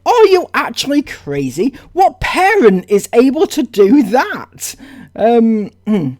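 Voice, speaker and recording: Exasperated woman with a lively voice. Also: a little high, takes it slowly. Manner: exasperated, swearing, breaking into laughter. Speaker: online commentator. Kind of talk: reaction commentary.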